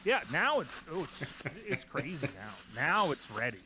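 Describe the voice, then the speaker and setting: A man's voice: a little high, sing-song, moderate pace, crowd noise. A man hosting a casual art podcast, telling rambling stories with many restarts. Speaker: host.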